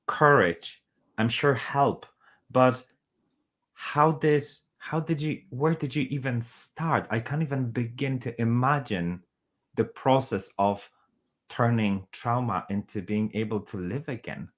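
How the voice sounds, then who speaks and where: A man's voice: mid-range voice, slow, fairly bright tone. A man hosting an interview, asking long searching questions with restarts and empathy. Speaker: podcast host.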